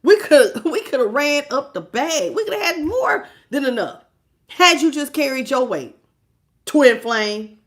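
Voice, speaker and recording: A woman's voice: high voice, very animated, normal speed. A woman doing a tarot reading to camera, sassy and emphatic, often laughing as she talks. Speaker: tarot reader.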